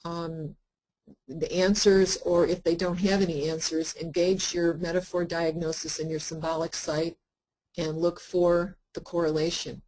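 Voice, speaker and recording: A woman therapist lecturing to practitioners in an earnest, conversational way, with frequent pauses and fillers. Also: lowish voice, little pitch movement, darkish tone, poor audio. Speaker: therapist teaching a workshop.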